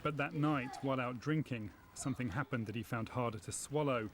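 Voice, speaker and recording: A man narrates a documentary in a calm, measured way. His pitch is moderate. Clear street and traffic noise runs under his voice. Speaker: documentary reporter.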